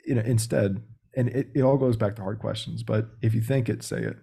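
A man's voice: fairly low pitch, brisk, vocal fry, mellow, husky. A young man speaking as a podcast guest about sales, talking directly and acting out phone calls. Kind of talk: casual interview talk.

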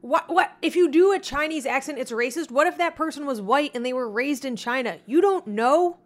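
A woman's voice: sits high, expressive, fairly quick. A woman co-hosting a podcast, arguing brashly and swearing in casual chat. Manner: brash, profane, argumentative. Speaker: podcast co-host.

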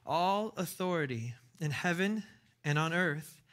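Guy giving a laid-back sermon, slightly high voice, upbeat, keeps restarting sentences. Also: animated, unhurried, a bit bright. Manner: chatty, enthusiastic, with frequent restarts and laughs. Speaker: pastor. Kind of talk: casual sermon.

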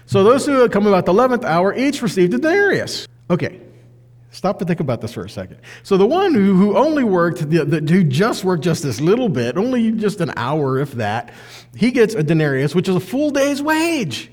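High, lively male bible teacher. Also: a little fast, big-room sound. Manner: animated, acts out quoted voices. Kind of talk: conversational sermon.

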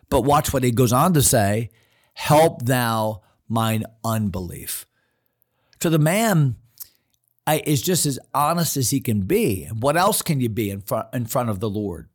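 A man pastor giving an earnest devotional sermon, slowing down to stress the scripture he quotes. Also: medium pitch.

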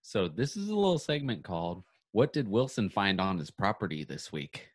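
A man's voice: low-pitched, big pitch swings, moderate pace. A man co-hosting a podcast over a video call, bantering in a playful, teasing way. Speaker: podcast co-host.

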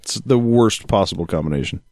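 A man's voice: deep voice, lively intonation, a little fast, a little mellow, no room sound, studio quality. A man co-hosting a podcast, reading news excerpts aloud and joking about them with a co-host, often laughing. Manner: reads news excerpts then jokes and laughs. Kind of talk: casual podcast chat reading articles aloud.

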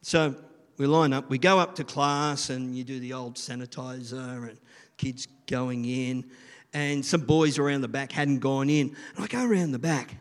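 A man's voice: mid-range voice, moderate pace. A middle-aged man, giving a rambling, chatty sermon and often asking the listeners questions. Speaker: children's church leader. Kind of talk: informal sermon. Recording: long reverb of a large room.

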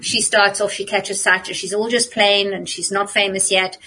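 A woman on a podcast, chatting casually and telling stories with animated laughter. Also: mid-range voice, normal speed, breathy edge, rough recording. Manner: animated storyteller, laughs often. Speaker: podcast co-host. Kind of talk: casual chat.

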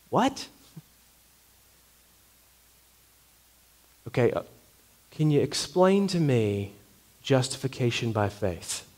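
Preacher doing an officious heavenly clerk, pressing and exasperated. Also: male voice, medium pitch, darkish tone. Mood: probing. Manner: exasperated, rapid, rising. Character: fussy questioning heavenly gatekeeper, male.

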